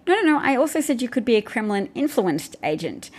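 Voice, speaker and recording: A woman's voice: on the high side, very animated, brisk, a little mellow. A woman with an Australian accent hosting a live stream, answering viewer comments in a casual way with many restarts, fillers and dry asides.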